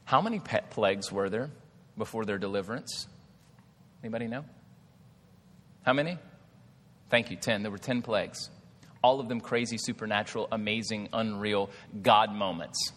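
A man's voice: on the low side, moderate pace, pauses often, fairly bright tone. Sounding man preaching in an echoey hall. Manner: conversational, asks the crowd questions, many "like" fillers. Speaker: pastor. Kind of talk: sermon.

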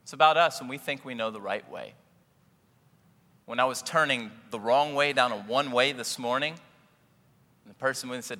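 A man's voice: medium pitch, moderate pace, pauses often, bright, forceful tone, big-room sound. A man giving a humorous, conversational sermon as a pastor, acting out little scenes and chuckling often. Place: church sanctuary.

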